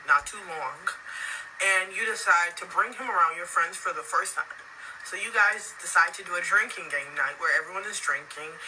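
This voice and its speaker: Man, fairly high voice, animated storytelling, far from mic, noisy background. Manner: animated, talks straight to the listener as "you". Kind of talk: put-a-finger-down storytelling vlog. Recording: distant mic with clear background noise.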